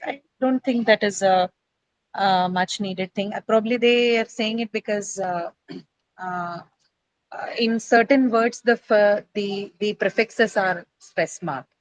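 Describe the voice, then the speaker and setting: A woman's voice: medium pitch, dry recording, low-quality recording. A woman teaching English pronunciation in an online class, explaining patiently step by step and checking in with tag questions.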